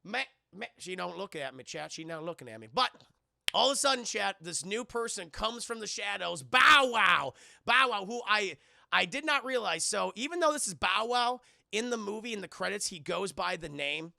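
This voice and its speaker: His high voice is brisk and lively, with vocal fry and a pushed, bright edge, captured dry at studio quality. A young man reviewing a film on stream, he swears a lot, rambles, and performs quotes from the movie for his chat.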